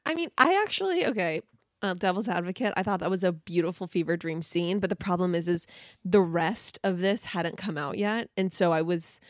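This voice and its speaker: A woman's voice: on the low side, a little fast, no echo, studio quality. A woman co-hosting a podcast in casual chat, reading an article aloud in a playful, dramatic way and laughing often. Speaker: podcast co-host.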